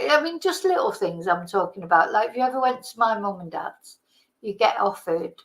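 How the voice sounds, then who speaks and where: A middle-aged woman chatting on her livestream in a loose, rambling way, calling out hello to viewers by name. She sounds a little tired, and her voice sits at an everyday middle pitch. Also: poor audio. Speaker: livestream host. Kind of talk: casual live chat.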